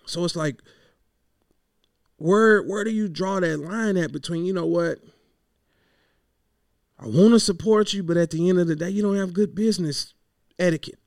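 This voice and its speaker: A man's voice: on the high side, gravelly, no room sound, studio quality. A man who hosts a podcast, venting in a casual, rambling monologue and swearing freely as he talks through his frustration.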